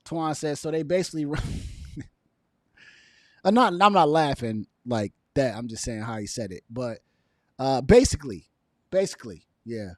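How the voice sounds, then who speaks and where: A man's voice: medium pitch, unhurried, long pauses, no room sound, studio quality. A man hosting a vlog, reacting to news in casual, emphatic talk full of fillers. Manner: animated, emphatic, heavy on fillers.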